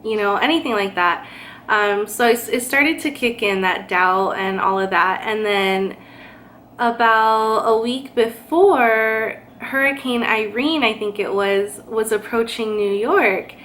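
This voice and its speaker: A woman's voice: on the high side, takes it slowly, a bit bright, slight background noise. A young woman from California telling a personal story in a chatty vlog style, with lots of fillers. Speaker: vlogger. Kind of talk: casual storytime.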